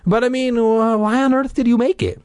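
A man's voice: very high voice, steady tone, fairly quick, a little mellow, clean tone, no echo, studio quality, pitched above the performer's own voice. A man voicing a nervous, defensive young girl who stammers and hesitates. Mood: flustered.

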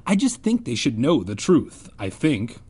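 A man reading aloud as a sad, tearful girl with gray skin, pleading in a husky voice. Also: medium pitch, wildly swooping pitch, unhurried, dark tone, heavily acted. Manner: pleading, quivering.

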